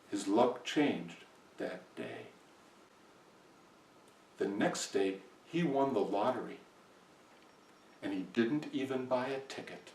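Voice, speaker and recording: A man telling a folktale aloud in an expressive, animated way with dramatic pauses, in an echoey room from far off. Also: mid-range voice. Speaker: professional storyteller. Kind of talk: live folktale storytelling.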